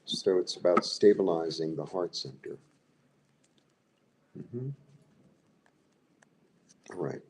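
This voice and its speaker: A man with a very low voice reads tarot cards live and thinks aloud as he goes, pausing and searching for words. A faint hiss of noise sits under his voice. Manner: musing, thinking aloud with pauses. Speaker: tarot reader.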